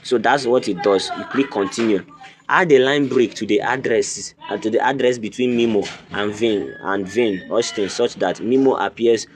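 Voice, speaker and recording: A man with a somewhat low voice talks over a screen recording of a coding lesson. He goes step by step like a patient teacher and keeps asking whether you can see it. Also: moderate pace, a little hiss or hum. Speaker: coding tutorial host. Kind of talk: screen-recorded tutorial walkthrough.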